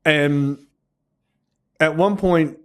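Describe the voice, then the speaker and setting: A man's voice: drawn-out words, clean tone. Chatty man recapping with jumpy character voices. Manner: animated, jumps into high voices for characters; profane, filler-heavy storytelling. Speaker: film podcast co-host. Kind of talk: casual plot recap.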